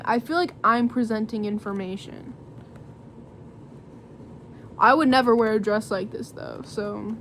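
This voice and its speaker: A woman's voice: fairly high pitch, a little hiss or hum. A young woman doing a casual tarot reading to camera, rambling and giggly with lots of fillers. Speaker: tarot reader.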